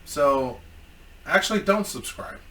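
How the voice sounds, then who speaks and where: Man, casual vlog storytelling, profane rambling, fairly high voice, heard from off the mic. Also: animated, slow pace, pushed and bright, far from the mic. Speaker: YouTuber.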